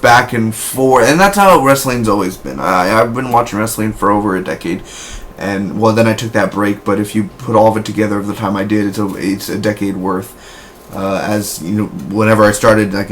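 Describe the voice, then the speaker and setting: A young man giving a casual, rambling spoken review, with frequent restarts and fillers. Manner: rambling, restarts often, bursts into loud high woo shouts. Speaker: wrestling reviewer.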